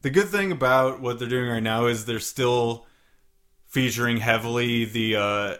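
A man's voice: medium pitch, measured pace, a bit bright. Rambling, casual podcast man. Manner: loose, rambling, swears casually. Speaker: podcast co-host. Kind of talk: casual chat.

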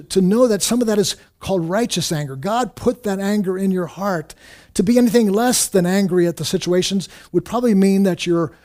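Man, pastor preaching, earnest, stumbling restarts, fairly high voice. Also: darkish tone. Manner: earnest, repeats words and restarts often; rises in pitch and volume when exhorting. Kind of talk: sermon.

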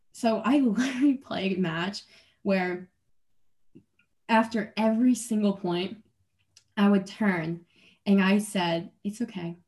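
Young adult woman, interview guest; earnest, rambling delivery, frequent restarts and light laughs. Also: medium pitch. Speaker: athlete guest. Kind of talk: casual interview.

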